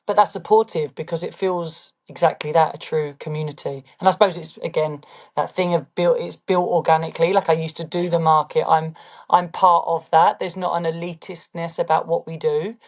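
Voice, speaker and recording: Her voice is low, steady, brisk and darkish: a fashion brand founder from London, England, chatting casually as an interview guest. With her London accent, she frequently drops in "do you know what I mean".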